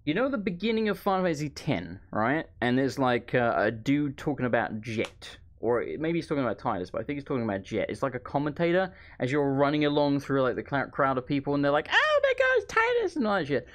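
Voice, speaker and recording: A man's voice: mid-range voice, expressive. Chatty man rambling over gameplay. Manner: rambling, chatty, quick asides to chat. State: overheated. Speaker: streamer. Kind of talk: live gameplay commentary. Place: home room.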